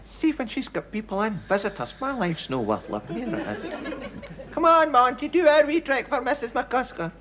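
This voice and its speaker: A man's voice: extremely high pitch, very animated, normal speed, crowd noise. An actor playing a grumpy, put-upon male pet parrot with a Scottish accent, muttering complaints about his owner. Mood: mocking. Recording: old TV sketch with loud studio audience laughter and noise.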